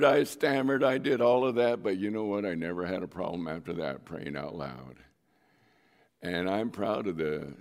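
A middle-aged man preaching a sermon, his lowish voice carrying a gravelly edge. He talks like he's telling stories to friends, then suddenly pushes his voice up for emphasis. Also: darkish tone. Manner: conversational storytelling with sudden emphatic rises. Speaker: pastor.

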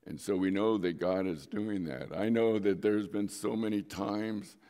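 A man's voice: lowish voice, steady tone, unhurried, warm tone. A middle-aged male pastor giving a sermon in a conversational storytelling way, with sudden emphatic rises in his voice.

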